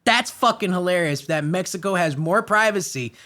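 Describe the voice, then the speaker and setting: A man's voice: sits high, lively intonation, moderate pace, pushed and bright. A man from the United States hosting a podcast, reading news articles aloud and adding sarcastic, profane comic commentary, often stumbling over names. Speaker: podcast host.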